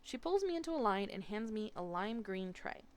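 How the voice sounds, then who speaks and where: Woman streamer, audiobook-style narration, expressive, mid-range voice. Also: medium pitch, moderate pace, clean tone. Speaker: streamer reading a novel aloud. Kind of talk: live audiobook reading. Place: home streaming setup.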